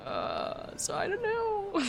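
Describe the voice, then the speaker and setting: A woman's voice: very high-pitched, creaky. A young woman from Finland, speaking English as a second language with a Finnish accent, chatting casually on a livestream and laughing often. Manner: chatty and giggly, with frequent laughs and restarts. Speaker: streamer.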